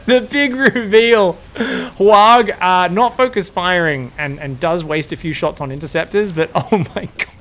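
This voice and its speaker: Brief: young man, game caster, slightly high voice, excitable and jokey, laughs a lot and slips into playful mock voices. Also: unhurried, slight background noise. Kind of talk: excitable esports commentary.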